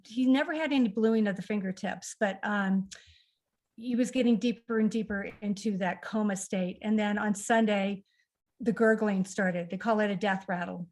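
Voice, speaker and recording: A middle-aged woman tells a heartfelt family story at a conversational pace, slipping into the lines of the people she quotes. Her voice sits at an ordinary middle pitch and carries a lot of feeling. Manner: emotional, acts out quoted dialogue. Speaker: author guest.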